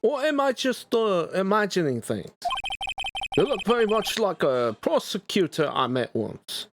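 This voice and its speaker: A man's voice: high-pitched, very animated, unhurried, music in the background, full character voice. A man voicing a fussy, stammering male judge with a put-on Canadian accent in a fan dub of a game. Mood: flustered. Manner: stammering, tacks on "eh".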